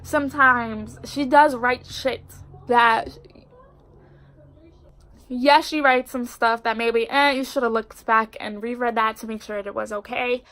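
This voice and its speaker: A young woman with a congested voice reviewing a book in casual, expressive chat. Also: fairly high pitch, a little slow. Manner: expressive and chatty, fillers like "like". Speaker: book vlogger.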